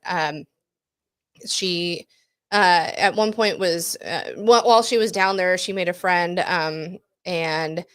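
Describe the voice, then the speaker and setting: A woman's voice: fairly low pitch, a bit bright, no echo, studio quality. A woman co-hosting a podcast, retelling a true-crime case in a chatty way, with lots of fillers, self-corrections and easy laughs. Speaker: podcast co-host. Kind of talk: casual true-crime chat.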